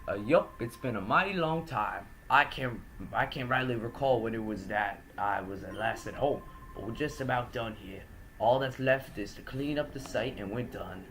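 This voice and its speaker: A man voicing a weary male construction worker with a slow, folksy drawl. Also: medium pitch, a bit bright, a little hiss or hum, natural voice.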